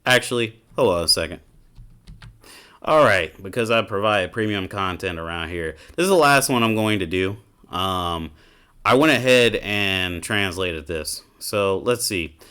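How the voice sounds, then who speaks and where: A man's voice: low-pitched, animated, measured pace, bright, forceful tone, clean tone. A man doing a casual reaction commentary as a gaming YouTuber, ranting and swearing in an exasperated way.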